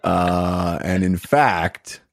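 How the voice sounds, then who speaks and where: A man's voice: deep voice, creaky, heavy background noise. A man co-hosting a casual podcast chat, joking and drawing out dramatic announcements. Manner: playful, drawn-out dramatic announcements. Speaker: podcast co-host.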